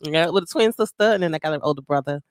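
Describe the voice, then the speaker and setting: A woman's voice: deep voice, racing, no echo, studio quality. A woman from Alabama, co-hosting a podcast in easygoing casual chat. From Birmingham, Alabama. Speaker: podcast co-host.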